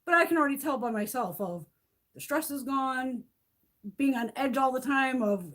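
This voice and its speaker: A woman's voice: high voice, big pitch swings, brisk, a bit bright. Blunt, profane woman ranting on a livestream. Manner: blunt, profane and laughing often. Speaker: beauty vlogger. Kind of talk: casual livestream rant.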